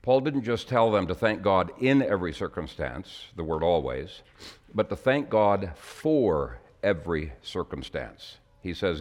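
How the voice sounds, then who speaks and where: A man preaching a sermon in an earnest way, growing emotional as he reads a poem aloud, with fillers and throat-clearing between phrases. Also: low voice, sing-song, a little slow, a little mellow.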